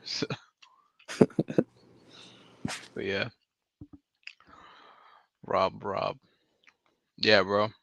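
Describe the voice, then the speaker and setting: A man's voice: fairly low pitch, monotone, very slow, creaky, pauses often, a bit bright, no echo, whispered. A man in his twenties chatting casually on a live voice call, rambling in slang with lots of "like" and "bro". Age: 20s. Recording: dull lo-fi mic.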